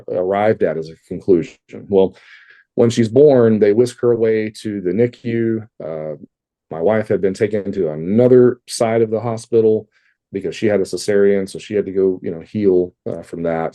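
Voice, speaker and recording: A middle-aged man from Texas speaks in a low, very dark, mellow voice. He tells his story candidly as a podcast guest, with loose fillers and blunt asides. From Texas, USA. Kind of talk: personal storytelling in an interview.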